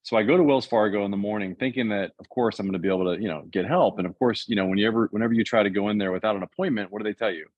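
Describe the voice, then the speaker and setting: A man in his fifties from the US East Coast, telling a business story in casual, animated chat and acting out what other people said. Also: fairly low pitch, no room sound. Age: 50s. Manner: animated, fast, acts out other people's quotes. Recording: dull, dry, lo-fi sound.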